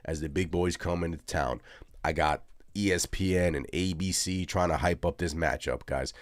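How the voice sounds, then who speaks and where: A man hosting a live postgame sports reaction show, animated and ranting as he talks to his viewers. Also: sits low, normal speed, dry recording, clean studio sound. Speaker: sports podcast host.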